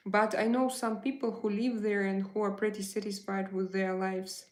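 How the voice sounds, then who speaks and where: A woman's voice: medium pitch, flat delivery, normal speed, a little mellow, roomy sound. A woman hosting a casual livestream, chatting with viewers and answering their comments, thinking aloud with fillers and repeated words. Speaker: livestream host.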